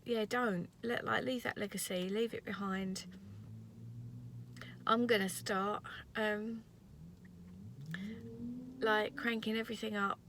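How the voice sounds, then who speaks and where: A woman's voice: mid-range voice, steady tone, slow pace, long pauses, a bit bright, slight background noise. A woman in her thirties recording an earnest, rambling motivational vlog from her parked car. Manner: earnest, rambling, tearful at times. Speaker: vlogger.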